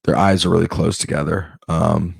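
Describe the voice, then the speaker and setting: A man's voice: a bass voice, fairly even intonation, normal speed, creaky, slightly rough, dry recording, studio quality. A man doing a rambling comedic monologue, often breaking off and restarting mid-sentence. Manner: rambling, self-interrupting, off-the-cuff.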